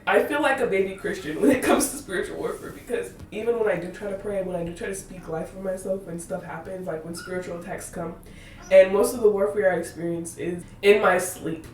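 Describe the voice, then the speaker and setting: Here a woman in her 20s delivers a casual monologue on her faith podcast, laughing and rambling through side topics as she verges on tears. Her mid-range voice is off-mic and roomy, with a little background noise.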